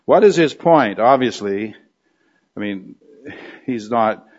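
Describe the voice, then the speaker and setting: A man's voice: lowish voice, animated, slow pace, lo-fi sound. A man giving a teaching sermon, explaining verses and often checking in with his listeners. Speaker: Bible teacher.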